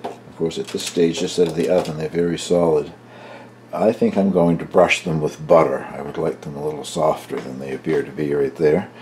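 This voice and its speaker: An older man casually narrating his home baking for a cooking video, chatty and relaxed, tasting as he talks. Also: rumbling low, brisk, slight background noise. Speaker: home baker, channel host.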